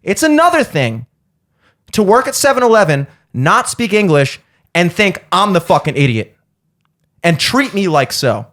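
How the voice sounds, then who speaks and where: A man's voice: high voice, big pitch swings, moderate pace, a bit bright. A young man hosting a podcast, telling a heated, profane story as a comedic rant and acting out both sides of it. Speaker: podcast host.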